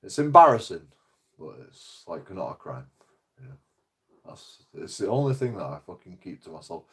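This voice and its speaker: A man's voice: sits low, sing-song, normal speed, a bit bright. A man, ranting casually in a rambling, foul-mouthed way. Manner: rambling, heavy swearing. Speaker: vlogger. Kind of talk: casual rant.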